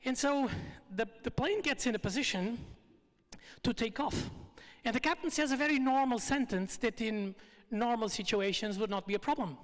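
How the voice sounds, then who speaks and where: A speaker telling a story at a live retreat evening, in lively, phrasing. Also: mid-range voice, normal speed. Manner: lively, non-native phrasing. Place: event hall. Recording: long reverb from a live hall.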